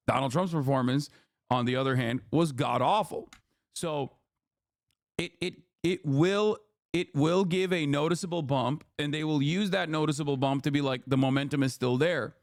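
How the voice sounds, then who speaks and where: A man's voice: a little high, no room sound, clean studio sound. A man streaming live, giving heated political commentary, swearing a lot and stopping often to ask "okay?". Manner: profane, ranting, emphatic; repeats words and says "okay?" often.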